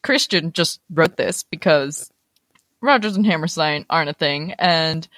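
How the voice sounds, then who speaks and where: A young woman co-hosting a casual podcast chat, talking quickly with lots of filler words and animated retellings. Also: low-pitched, no echo, studio quality. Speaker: podcast co-host.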